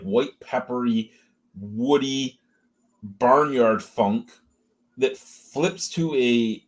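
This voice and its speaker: A man's voice: medium pitch, darkish tone, husky. A man hosting a casual beer review, talking through smells and flavors with frequent swearing and jokes. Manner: profane, joking, chatty running commentary.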